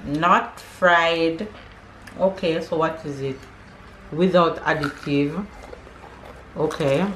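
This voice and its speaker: A woman's voice: low-pitched, steady tone, slow, fairly bright tone, roomy sound, a little hiss or hum. A woman with a Jamaican accent chatting casually on a family vlog, laughing often and talking to viewers and her kids at home. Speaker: family vlogger.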